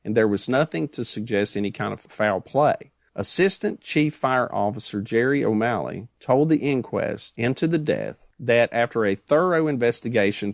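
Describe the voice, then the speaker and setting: A man's voice: fairly low pitch, creaky, no room sound. A man co-hosting a podcast, reading case reports aloud and adding dry joking asides. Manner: dry, joking asides between read passages. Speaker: podcast co-host.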